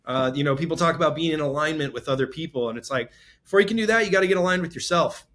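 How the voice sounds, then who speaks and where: A man's voice: fairly high pitch, rapid-fire, a bit bright. A man in his forties, a real estate entrepreneur, talking candidly and emotionally in a podcast interview, rambling with many restarts. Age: 40s.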